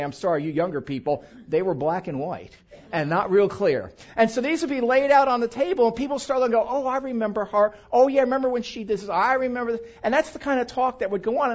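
A man's voice: high voice, darkish tone. An older man preaching a sermon, telling humorous self-mocking stories about his family. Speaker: pastor. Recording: dull lo-fi recording.

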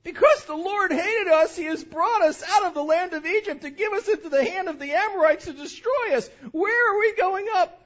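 Whining, wailing grown men from an ancient desert camp, the voice climbing very high and loud with a crying edge, as a preacher puts them on. The sound is a little dull and lo-fi. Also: male voice, moderate pace, few pauses. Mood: whiny. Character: whiny complaining ancient Israelites, grown men.

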